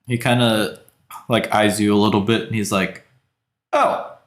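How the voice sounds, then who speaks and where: A man runs a tabletop game as its narrator, speaking in a fairly low voice. He talks in a relaxed, joking way full of fillers, and the room adds a noticeable echo. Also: normal speed. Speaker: game master.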